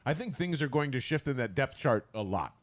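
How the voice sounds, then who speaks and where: A man hosting a podcast in a casual sports chat, animated and quick to swear. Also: mid-range voice. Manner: animated, excitable, swears freely. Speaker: podcast host.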